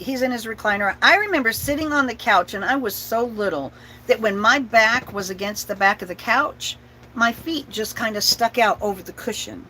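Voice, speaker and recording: A woman's voice: mid-range voice, a bit bright, slight background noise, poor audio. A woman telling a personal story with profanity and laughter, acting out her family's voices. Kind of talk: personal story told to an audience.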